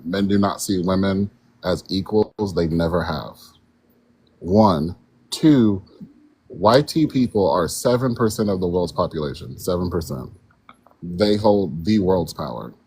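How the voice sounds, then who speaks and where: Deep-voiced man arguing point by point. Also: husky. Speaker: panel guest. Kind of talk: heated live panel debate.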